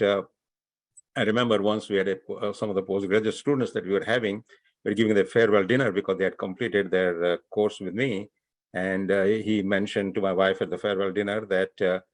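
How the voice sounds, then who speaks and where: A man with an Indian accent who teaches physicians, speaking on a webinar panel in a halting way, with many fillers and repeated words. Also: fairly low pitch, no echo.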